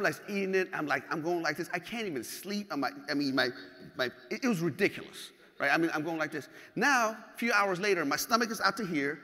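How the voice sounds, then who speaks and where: A man giving a motivational keynote, telling stories in an animated, profane way and acting out scenes. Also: a little high. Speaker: keynote speaker. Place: large hall. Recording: hall with long reverb.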